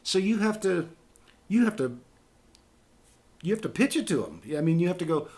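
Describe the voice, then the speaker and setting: A man's voice: sits high, very animated, moderate pace, long pauses, a little mellow, breathy edge. A man chatting as a voice actor guest on an interview show, telling rambling stories about his work. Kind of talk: casual interview chat.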